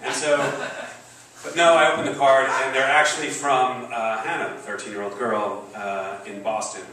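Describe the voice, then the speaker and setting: On stage at a comedy venue, a man in his forties tells a rambling, profane, self-deprecating story to a live audience, whose laughter is heard. His mid-range voice is flat at normal speed, and the recording sounds roomy and distant, with background noise.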